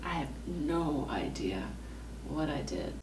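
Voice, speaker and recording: A woman singer with a low voice full of vocal fry, talking in a casual, rambling way, her voice tired and tight. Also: very animated, slow, darkish tone. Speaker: singer asking for vocal advice. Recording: roomy, distant mic, noisy background.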